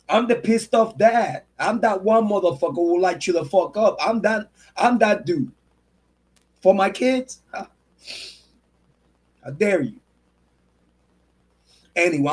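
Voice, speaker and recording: A man in his forties hosts a true crime channel and rants on a livestream. His voice sits high for a man. He sounds angry and emotional, swears freely and circles back to the same phrases. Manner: angry, profane, emotional, repeats himself. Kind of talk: livestream rant.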